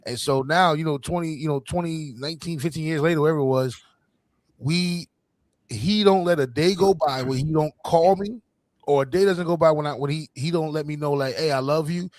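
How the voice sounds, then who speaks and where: A man's voice: a little high, fairly quick, a little mellow, no echo. A man in his forties, a podcast host telling a family story in a loose, slangy way, laughing often. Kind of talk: casual storytelling chat.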